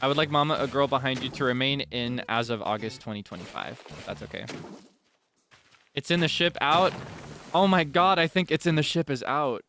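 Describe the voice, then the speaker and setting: A man streaming a life-sim game, chatting playfully and dramatically, swinging between deadpan asides and giggling. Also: mid-range voice, brisk. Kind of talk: casual game stream chat. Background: game music.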